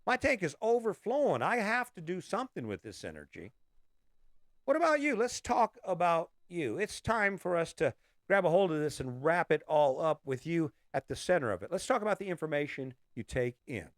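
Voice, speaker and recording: A middle-aged man talks bluntly and swears freely as he hosts a fired-up motivational monologue. His voice sits a little high for a man. The recording is dry and close, with no room sound. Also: big pitch swings, moderate pace, dry recording. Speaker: podcast host.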